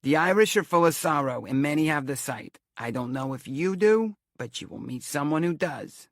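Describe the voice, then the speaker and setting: A man voicing a theatrical middle-aged female carnival fortune-teller who puts on a grand mock old-world accent and pauses for drama. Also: mid-range voice, big pitch swings, dry recording, clean studio sound. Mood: portentous.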